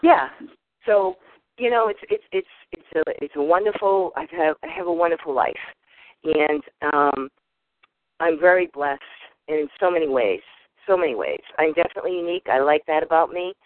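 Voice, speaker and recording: A woman's voice: deep voice, normal speed, no echo. Boston-accented woman in her fifties on a tinny phone line. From Boston area, USA. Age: 50s. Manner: animated storyteller who acts out voices. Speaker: caller on a group call. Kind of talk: casual personal introduction.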